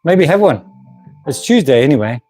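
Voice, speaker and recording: With a slightly high, sing-song, somewhat mellow voice at normal speed, a South African woodworking host chats with his live stream audience. He laughs frequently and keeps restarting his sentences. Faint music sits behind him, recorded through the camera mic of a moving handheld camera.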